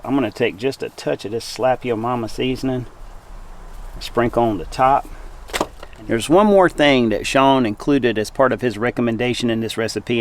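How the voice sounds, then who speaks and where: A man's voice: mid-range voice, a little hiss or hum. A man hosting a casual outdoor camp cooking show, talking to viewers in a folksy, friendly way while outdoors in the woods.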